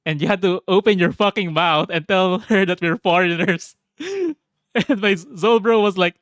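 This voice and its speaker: A man's voice: sits high, expressive, moderate pace, fairly bright tone, dry recording. A man vlogger telling a travel story casually, laughing often and swearing.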